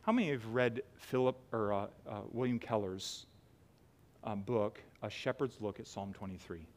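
A man's voice: fairly low pitch, normal speed. Impassioned man preaching a sermon. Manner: impassioned, swings from loud pleading to quiet earnest talk. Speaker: pastor. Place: church sanctuary.

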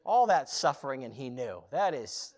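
A man's voice: medium pitch, very animated, moderate pace. Man preaching a dramatic sermon story. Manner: dramatic, swings from loud bursts to hushed intimate tones.

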